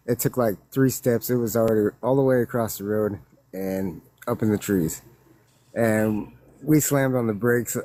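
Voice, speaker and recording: A man telling a witness story in a loose, rambling way, laughing and growing excited as he recounts it. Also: fairly low pitch, no room sound. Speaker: witness guest. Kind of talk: casual storytelling.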